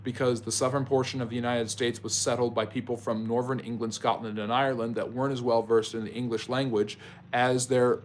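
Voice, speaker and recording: A history channel host runs a live Q&A stream, addressing chat viewers by name and explaining at length with frequent ums and self-corrections. His medium-pitched voice is brisk with little pitch movement, and there's a little hiss or hum.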